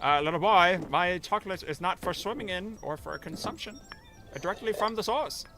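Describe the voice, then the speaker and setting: A man doing a quick impression of an eccentric male chocolate maker, scolding in a lofty, formal way. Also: high-pitched, animated, sharp tone, soft background music, voice pushed up, full character voice. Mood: haughty.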